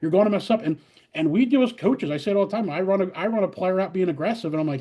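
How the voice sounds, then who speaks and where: Guest coach, male, brighter higher register than most men, energetic rambling delivery. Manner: energetic, quick storytelling with many fillers and restarts. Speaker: college softball head coach, guest. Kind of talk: casual interview talk.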